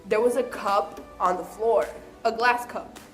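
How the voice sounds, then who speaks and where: A young woman vlogger telling childhood stories in a casual, animated way, often acting out what people said. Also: mid-range voice, measured pace, soft background music. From Southern California. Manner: chatty, animated, acts out quoted voices. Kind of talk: casual storytelling.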